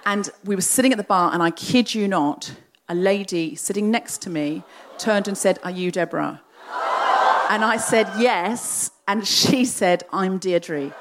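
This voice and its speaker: A middle-aged woman, a podcast host, tells a comic personal story on stage before a live audience, lively and acting out the people in it. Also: lowish voice. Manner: lively, animated, acts out the other voices in her story.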